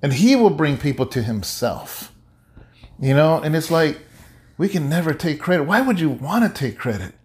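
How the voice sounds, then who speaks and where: A male pastor giving an animated, conversational sermon-like talk, often repeating himself. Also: fairly high pitch, normal speed. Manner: animated, repetitive, conversational preaching. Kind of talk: casual sermon-like chat.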